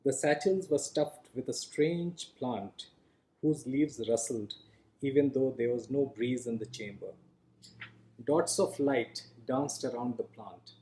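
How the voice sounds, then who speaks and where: A man reads his own fantasy novel aloud in a calm, measured storytelling style. His voice is mellow and warm, set at an ordinary pitch for a man. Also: poor audio. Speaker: author reading his own book. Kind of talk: audiobook narration.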